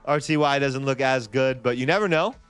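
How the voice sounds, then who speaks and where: Smooth-voiced, laid-back male stream host. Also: mid-range voice, fairly quick, fairly bright tone, soft background music. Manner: loose and chatty, repeats phrases, stumbles and restarts. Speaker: livestream trading host. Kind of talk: casual live-stream chat.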